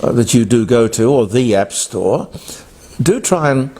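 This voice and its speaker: A man's voice: medium pitch, expressive, unhurried, warm tone, husky. A man with an Australian accent, hosting talk radio with a blunt, emphatic opinion monologue that wanders between topics. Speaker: radio host.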